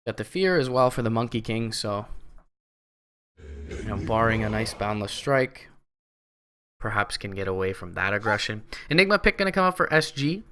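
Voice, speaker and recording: A young man with a Canadian accent giving solo esports play-by-play commentary, chatty and relaxed with lots of fillers. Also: fairly low pitch, normal speed, long pauses. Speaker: esports caster.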